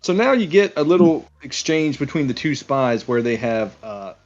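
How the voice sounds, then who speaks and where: A man's voice: mid-range voice, sing-song, normal speed, muffled recording, faint music behind. A man co-hosting a podcast, recapping a movie's plot with wry asides in casual chat. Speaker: podcast co-host.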